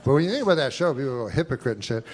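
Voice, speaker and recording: A man performing a stand-up routine on a comedy club stage, rambling slowly and swearing crudely. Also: medium pitch, very animated. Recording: noisy live club recording.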